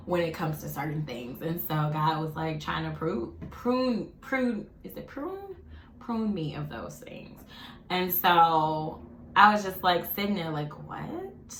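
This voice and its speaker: Lively, chatty young woman eating on camera. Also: on the low side, a little hiss or hum. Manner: chatty and animated, laughing often, talking while eating. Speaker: vlogger. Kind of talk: casual mukbang chat. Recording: echoey room.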